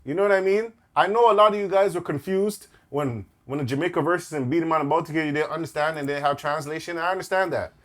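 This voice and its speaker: A man's voice: a little high, fast talker, few pauses. Emphatic man pleading on a podcast. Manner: emphatic, pleading, repeats himself. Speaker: podcast co-host. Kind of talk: casual chat.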